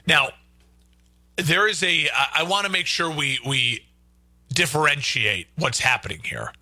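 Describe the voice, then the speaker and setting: Emphatic sports radio host, bright dry voice. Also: male voice, fairly high pitch, expressive, a little slow, no echo. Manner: emphatic, repeats points for stress. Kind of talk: opinionated sports radio talk.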